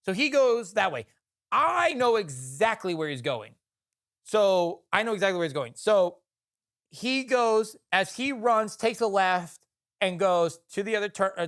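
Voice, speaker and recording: Excitable man telling a story. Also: high voice. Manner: excited, restarts sentences, keeps asking "right?". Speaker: podcast co-host. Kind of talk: animated storytelling.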